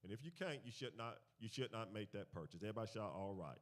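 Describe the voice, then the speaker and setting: A man's voice: on the low side, fast. A man teaching a congregation in a sermon, telling stories and leading call-and-response, repeating key phrases. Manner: animated storytelling, swings from quiet to loud. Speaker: church teacher leading a finance talk. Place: church gathering.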